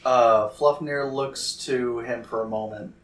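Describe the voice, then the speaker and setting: Slow hesitant guy playing d&d, echoey room. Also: medium pitch, fairly even intonation. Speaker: player. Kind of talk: tabletop game play.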